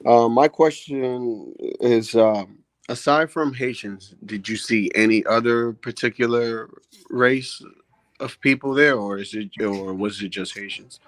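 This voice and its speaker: A man's voice: medium pitch, unhurried, no echo. A man calling into a livestream panel, polite and hesitant. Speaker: caller. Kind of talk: casual panel chat.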